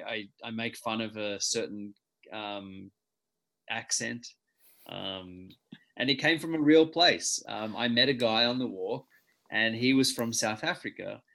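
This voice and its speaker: A man from Australia, a stand-up comedian whose accent has softened from living in Britain, talking in a relaxed interview with frequent restarts and ums. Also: fairly low pitch, gravelly. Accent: Australian, softened by years in Britain. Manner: halting, many restarts and ums. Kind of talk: casual interview.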